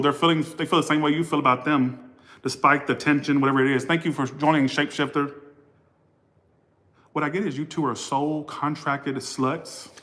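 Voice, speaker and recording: A man with a somewhat high, fairly bright voice gives a casual tarot reading covering every sign. He's blunt and profane, and he often loses his place and rambles.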